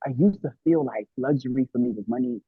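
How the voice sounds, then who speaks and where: Man, husky and dry-sounding, a lively guest who voices his own thoughts, heard over a phone-like line. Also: mid-range voice, fast talker, dry recording. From Los Angeles, United States. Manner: animated, acts out quoted inner dialogue. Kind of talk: casual conversation about self-love.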